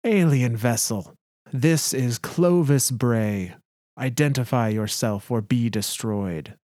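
A man's voice: medium pitch, slow, darkish tone, no echo, clean studio sound, close to an everyday voice. A man voicing a pompous, commanding old male scientist with curt orders.

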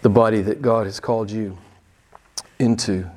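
A man's voice: lowish voice, steady tone, normal speed, a little mellow. A pastor in his sixties preaching a candid, conversational sermon and putting pointed questions to his congregation in a church. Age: 60s. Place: church sanctuary.

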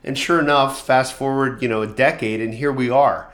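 A man hosting a solo podcast for filmmakers, talking in a conversational and fairly monotone way, with many fillers and restarts. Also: mid-range voice, normal speed. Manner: calls his own voice monotone. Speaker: podcast host.

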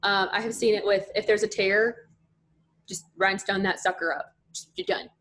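A young woman chatting casually as a podcast guest, full of "like" fillers and animated storytelling. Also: mid-range voice, moderate pace, slight background noise. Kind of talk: casual chat.

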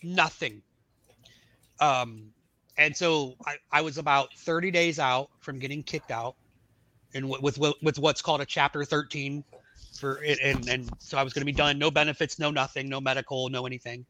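Lively middle-aged man telling his story. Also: medium pitch, moderate pace, dry recording. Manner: animated storyteller acting out dialogue. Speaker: podcast guest. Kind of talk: telling his life story in casual chat.

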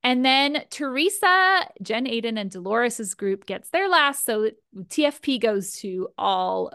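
A woman's voice: a little high, slow, clear, resonant tone, dry recording, clean studio sound. A woman co-hosting a podcast, chatting casually and animatedly as she recaps a reality show. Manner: chatty, animated, laughs often. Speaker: podcast co-host.

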